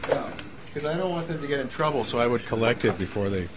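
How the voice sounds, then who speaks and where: A man's voice: medium pitch, quick pace, noisy background. A man co-hosting a radio show, telling stories and adding goofy asides. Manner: animated storyteller, goofy asides. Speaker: radio co-host. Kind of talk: casual on-air banter.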